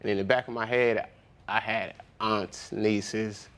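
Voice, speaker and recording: A man's voice: lowish voice, steady tone, a little slow, a bit bright. A young man speaking casually in his testimony on a courtroom TV show, rambling with lots of fillers and slang. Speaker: litigant.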